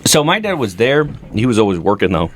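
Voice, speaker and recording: A young adult man on a comedy podcast, telling profane stories about his dad and mimicking him in a lower, flatter voice. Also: brisk, slight background noise. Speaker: podcast co-host. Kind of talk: casual comedy podcast chat.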